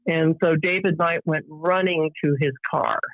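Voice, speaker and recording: A woman's voice: low voice, steady tone, measured pace, no echo, highs cut off. A middle-aged woman, a guest on a podcast, tells an emotional personal account vividly and acts out what other people said. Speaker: interview guest.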